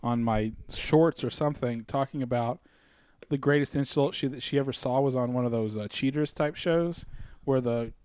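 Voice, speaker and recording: A man's voice: mid-range voice, normal speed, a little mellow, clean tone, dry recording. A man in loose, joking chat as co-host, often trailing off and restarting. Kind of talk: casual comedic chat.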